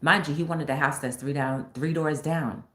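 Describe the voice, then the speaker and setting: A woman's voice: sits low, fairly even intonation, normal speed, fairly bright tone. A woman talk show host casually retelling a film story, acting out the scenes as she goes. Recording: echoey room with faint noise.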